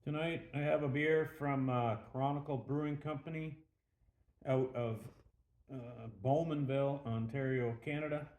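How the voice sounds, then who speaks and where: A man's voice: medium pitch, steady tone, measured pace, darkish tone. A man hosting a casual beer review show, rambling a little with fillers as he tells a joke, in an echoey room.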